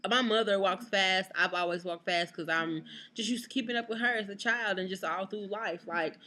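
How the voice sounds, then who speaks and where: A woman's voice: mid-range voice, normal speed, sharp tone. A young woman, ranting to camera in a casual vlog, blunt and exasperated, swearing freely. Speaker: vlogger.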